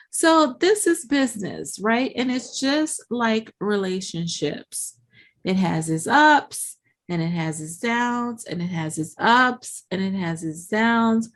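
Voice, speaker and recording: A woman hosting a motivational business podcast, telling stories and acting out little inner voices as she goes. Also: mid-range voice. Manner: animated storytelling, acts out inner voices. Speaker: podcast host.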